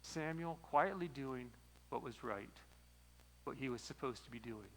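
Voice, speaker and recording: A man as pastor preaching a sermon, retelling a story in a lively, storytelling way. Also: mid-range voice, a little slow, poor audio.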